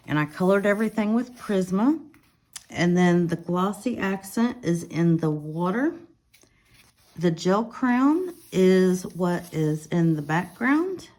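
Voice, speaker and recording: Slow, low-voiced woman vlogger. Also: animated, darkish tone. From Alabama. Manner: chatty, listing supplies, talking to viewers. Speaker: coloring vlogger. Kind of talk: casual show-and-tell narration.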